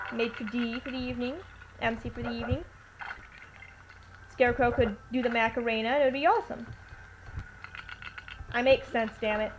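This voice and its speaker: Playful woman with a noisy mic. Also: on the high side. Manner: playful, chatty, joking asides. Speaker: let's play commentator. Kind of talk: casual gameplay commentary. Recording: noisy home recording with hiss.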